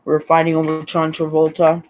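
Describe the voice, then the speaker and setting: A man's voice: fairly high pitch, completely flat delivery, normal speed, a little mellow. A man, rambling through a personal story and laughing often between remarks. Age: 50s. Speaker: vlogger.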